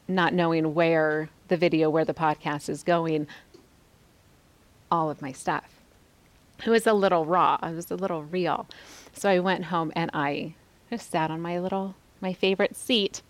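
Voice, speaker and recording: A woman in her forties, a podcast host, reflectively sharing a personal faith testimony with a women's group, often pausing and dropping to a hushed near-whisper. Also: low-pitched, dry recording. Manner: reflective, soft-spoken, pauses often.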